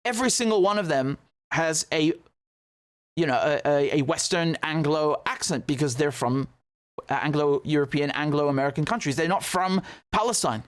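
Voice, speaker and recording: Indignant, sarcastic male commentator, higher voice. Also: moderate pace. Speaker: political commentator. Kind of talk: video commentary reacting to clips.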